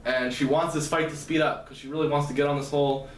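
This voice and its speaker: A man retelling the plot of a novel in a halting, casual way, often correcting himself. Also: on the high side, fairly even intonation. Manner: halting, frequent fillers and self-corrections. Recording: echoey room, mic at a distance, faint hum.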